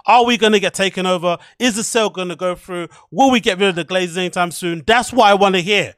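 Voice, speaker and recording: A man's voice: high voice, brisk, hardly any pauses, fairly bright tone, no room sound. A man in his thirties hosting a podcast, ranting in a heated, profane, rambling way. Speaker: podcast host. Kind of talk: solo rant podcast.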